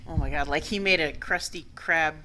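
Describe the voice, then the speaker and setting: A woman guest in casual chat, blunt and bawdy, laughing loudly. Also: sits low, moderate pace, a little hiss or hum.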